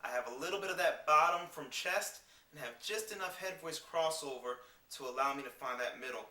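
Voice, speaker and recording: A man giving a singing lesson, explaining clearly and demonstrating vocal scales on simple syllables. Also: a little high, brisk, pushed and bright, far from the mic. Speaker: singing teacher. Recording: roomy sound with piano behind. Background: piano accompaniment.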